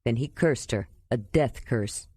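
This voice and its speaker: A guarded young man of mixed blood speaks with quiet bitterness, as a woman reads him. The voice sits very low and grave. The sound is dry and close, as in a storybook audiobook. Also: measured pace, husky, no echo, full character voice. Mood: bitter.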